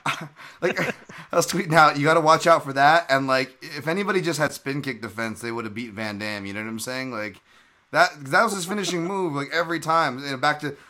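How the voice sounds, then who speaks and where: Guy hosting a podcast, bright forceful voice, talks in bursts and restarts. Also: a little high, a little fast. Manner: animated, rambling with restarts. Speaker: podcast host. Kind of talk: casual chat.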